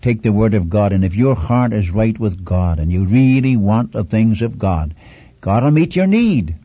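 A man's voice: lowish voice, expressive, normal speed, no echo. A man preaching a sermon, earnest and pleading, retelling scripture dramatically and repeating his key points. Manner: dramatic retelling of scripture, rising on big images. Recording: dull lo-fi recording.

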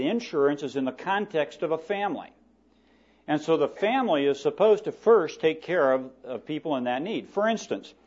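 A man preaching a sermon in a church, reading scripture slowly and then talking plainly to the congregation. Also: a little high, a little mellow, muffled recording.

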